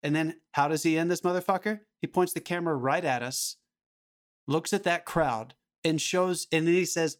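A man co-hosting a podcast, talking about a film in an animated, emphatic way and swearing freely. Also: fairly high pitch, normal speed. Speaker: podcast co-host. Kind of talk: casual film discussion.

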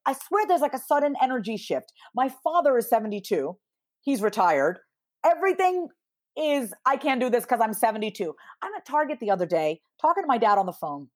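A woman in her thirties, a therapist and podcast guest, telling stories in casual interview chat and acting out quoted lines with lively swings. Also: on the high side, brisk. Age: 30s. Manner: animated storyteller who acts out quoted dialogue, swears casually.

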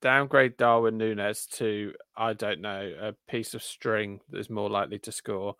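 Male podcast co-host, smooth resonant voice, dry close sound, chatty and wry. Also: fairly low pitch, normal speed, no room sound. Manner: chatty, self-deprecating, animated asides. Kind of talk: casual chat.

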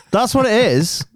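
A man's voice: high voice, no room sound, clean studio sound. A young man co-hosting a podcast, trading crude, teasing jokes in casual chat. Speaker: podcast co-host.

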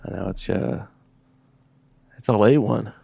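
A man's voice: fairly low pitch, unhurried, creaky, dark tone, breathy edge, dry recording. A man co-hosting a podcast, telling a rambling, profane story in casual chat. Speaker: podcast co-host.

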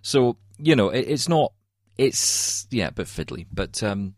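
A Scottish man hosting a casual tech talk show from his home studio, ranting with lively energy. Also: mid-range voice, a little slow, dry recording. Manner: animated ranting. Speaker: podcast host.

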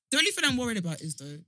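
A woman chatting casually with a friend, animated and teasing, often breaking into laughter. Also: a little high, no room sound. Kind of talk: casual chat between friends.

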